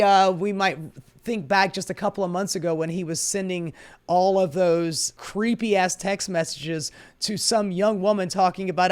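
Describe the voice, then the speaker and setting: Sarcastic profane woman ranting. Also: lowish voice. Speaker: political commentary host. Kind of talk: ranting commentary.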